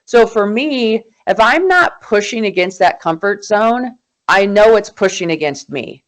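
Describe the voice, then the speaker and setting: A woman's voice: medium pitch, lively intonation, a little slow. A woman in her forties speaks as an interview guest. Her voice climbs and falls a lot as she tells her story with emphatic energy. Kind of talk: conversational interview.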